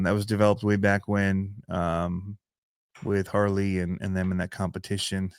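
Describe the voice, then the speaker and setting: A middle-aged man with a Michigan accent chats casually on a podcast, rambling and laughing at himself. His voice is lowish and smooth. The sound is dry and close. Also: no echo. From Michigan, USA. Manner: rambling, laughs often, self-deprecating. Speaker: podcast host and RC channel creator.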